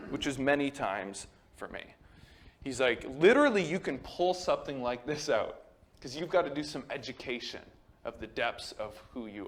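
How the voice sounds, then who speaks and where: A man in his thirties preaching a sermon, telling personal stories in an animated, self-deprecating way. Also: medium pitch. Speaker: guest pastor.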